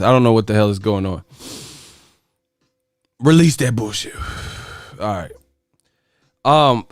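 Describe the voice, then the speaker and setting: A man's voice: medium pitch, dry recording, clean studio sound. A man hosting a boxing channel, reacting to his chat in casual, profane, laughing riffs. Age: adult. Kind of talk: casual livestream commentary on chat.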